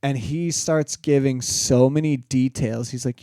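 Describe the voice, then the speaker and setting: A man's voice: mid-range voice, steady tone, unhurried, hardly any pauses, dark tone, smooth, no room sound, studio quality. A young man co-hosting a podcast, telling laid-back stories in casual chat, swearing freely and acting out quotes. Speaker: podcast co-host.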